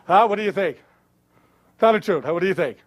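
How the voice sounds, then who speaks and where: Speaking fast in a high voice with lively intonation, a man performs as a stage magician, ribbing a volunteer with jokes in front of a live audience. It's a comedy magic show recorded on a live stage amid loud crowd noise.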